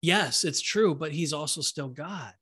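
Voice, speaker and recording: A man's voice: a little high, measured pace, pushed and bright, slightly rough. Earnest man discussing scripture. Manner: earnest, preachy, with many fillers and restarts. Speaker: podcast co-host. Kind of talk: casual Bible discussion.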